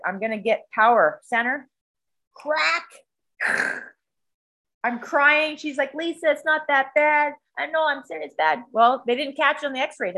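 A woman's voice: fairly high pitch, low-quality recording. A woman chatting casually, swearing a lot and acting out sounds and other people's lines as she tells a story. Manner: animated, acts out other voices and sound effects. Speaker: storyteller in a conversation. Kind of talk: casual chat, swearing freely.

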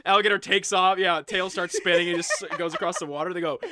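A man's voice: sits high, steady tone, fast talker, a crowd in the background. A young man chatting casually as a podcast co-host, joking and acting out silly voices. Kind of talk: casual chat.

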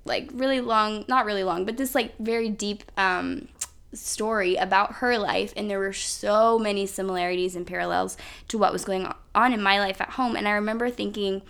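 A woman's voice: mid-range voice, fairly even intonation, moderate pace, creaky, fairly bright tone, clear, resonant tone. A woman hosting a podcast, telling a personal story in a chatty way full of "like" and "um". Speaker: podcast host. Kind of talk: casual storytelling.

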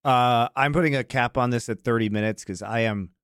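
Male co-host, mid-pitched, calm analyst, close dry sound. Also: a little fast, clean tone, dry recording. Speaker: podcast co-host. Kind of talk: casual esports analysis.

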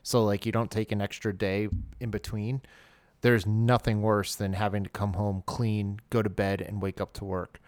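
A man's voice: lowish voice, little pitch movement, moderate pace, a little mellow, no echo. A young man co-hosting a podcast, chatting casually and laughing at himself. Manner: self-deprecating, laughs at himself. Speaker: podcast co-host.

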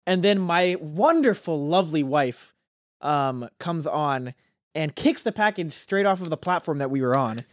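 A man's voice: on the high side, expressive, unhurried, no room sound. A young man telling a rambling story in casual chat, laughing often and restarting his sentences. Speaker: guest.

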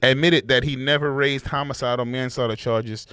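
A man's voice: mid-range voice, fairly even intonation, normal speed, sharp tone, clear, resonant tone, no echo, studio quality. A man co-hosting a podcast in casual chat, loose and profane. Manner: loose, profane, heated banter. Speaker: podcast co-host.

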